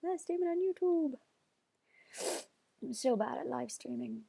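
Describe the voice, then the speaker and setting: A young Northern Irish woman hosting a casual live stream, bubbly and chatty as she answers viewer comments. Her voice sits fairly high for a woman. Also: animated, measured pace, gravelly, mellow. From Northern Ireland.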